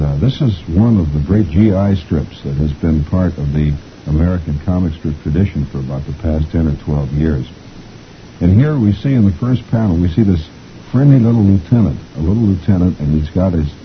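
Reading the comics aloud in a folksy, rambling manner, this middle-aged host chuckles frequently. His voice sits low, and the lo-fi recording carries slight background noise.

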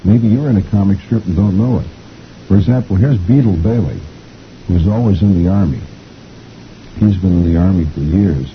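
A middle-aged man hosts a chatty reading of the comics, folksy and rambling, often chuckling. He has a low voice and a moderate pace, and the audio has its highs cut off with slight background noise.

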